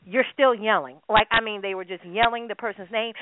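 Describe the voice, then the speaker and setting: Woman, co-host, animated, emphatic, laughing, dry tinny phone-like sound. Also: fairly high pitch, a little fast, dry recording. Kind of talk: casual chat.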